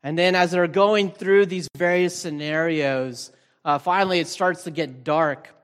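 A man with a slightly high voice speaks as a pastor from the front of a large, reverberant hall. His sermon is casual and searching, full of small fillers and restarts. Each phrase rings out in a long tail of reverb. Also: unhurried, smooth. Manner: relaxed, thinking aloud with frequent fillers and restarts. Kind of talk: conversational sermon.

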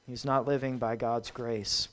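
A man's voice: medium pitch, level tone, normal speed, fairly bright tone. A man preaching a sermon, retelling a parable with emphatic, repetitive phrasing.

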